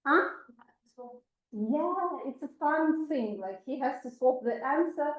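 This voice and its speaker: A woman's voice: high-pitched, animated, slow. A woman hosting a public speaking club meeting, bubbly and coaxing, often giggling. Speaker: meeting facilitator. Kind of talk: lively club meeting chat.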